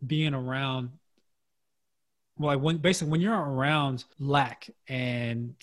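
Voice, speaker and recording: A man hosting a casual podcast conversation, earnest and thinking aloud, restarting his sentences often. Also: mid-range voice. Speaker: podcast host.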